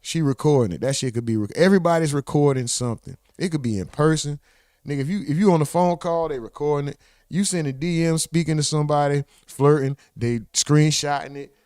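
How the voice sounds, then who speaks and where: Man, streamer, reaction commentary, profane slang, mocking impressions, fairly high voice, dry close sound. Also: fairly quick, no echo. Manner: animated, mocking voices of others with sudden pitch jumps; profane, slangy street talk addressing chat. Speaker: livestream host reacting to clips.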